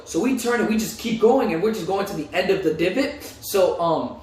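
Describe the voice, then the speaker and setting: A man's voice: high voice, a little fast, few pauses. Young man telling a story in an echoey room. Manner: animated, repeats himself and uses slang. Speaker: vlogger. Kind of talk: casual storytime. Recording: echoey room, voice a bit far from mic.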